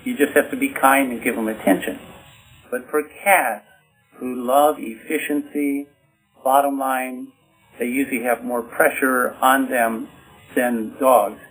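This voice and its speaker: A man's voice: mid-range voice, fairly even intonation, a little slow, a bit bright, poor audio. Guy author teaching how to talk, explains step by step, faint music underneath. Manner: instructive, talks in bottom lines, demonstrates by example. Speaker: author and communication expert guest.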